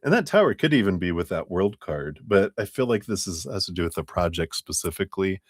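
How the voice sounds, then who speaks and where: A man's voice: low voice, sing-song, a little fast, no room sound, studio quality. A man giving live tarot readings in a chatty, rambling way, often laughing between thoughts. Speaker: tarot reader.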